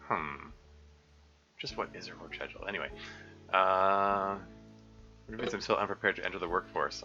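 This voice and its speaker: A man streaming a visual novel live, reading and rambling in a hesitant way with lots of throat-clearing. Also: low-pitched, sharp tone. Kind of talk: live let's play with commentary. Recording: slightly dull lo-fi audio. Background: faint guitar music.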